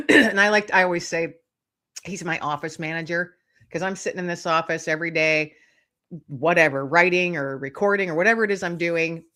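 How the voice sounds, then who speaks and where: A middle-aged woman, a guest author, telling lively anecdotes in casual chat, acting out little voices and laughing often. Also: fairly low pitch. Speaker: guest, author and podcast host.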